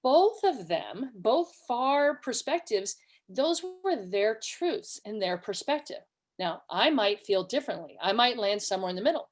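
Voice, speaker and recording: A woman's voice: a little high, sing-song, a little slow. A woman from California giving a conversational online webinar, telling stories and acting out quoted voices. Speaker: webinar presenter.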